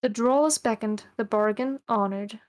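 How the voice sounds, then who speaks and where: Woman guest co-reader, slightly high voice, plain narration with wry asides. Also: normal speed. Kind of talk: casual live read-along chat.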